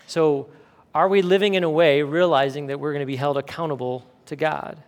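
A male pastor delivers a sermon in an emphatic, earnest manner. His voice sits a little high for a man, and he drives his points home with rhetorical questions. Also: steady tone, brisk.

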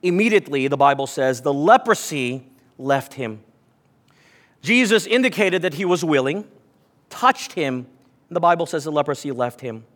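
A man's voice: fairly high pitch, lively intonation, moderate pace, a bit bright, in a large hall. A man preaching a sermon to his congregation, telling stories and reading scripture aloud. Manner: storytelling, reads scripture aloud, addresses congregation. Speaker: pastor.

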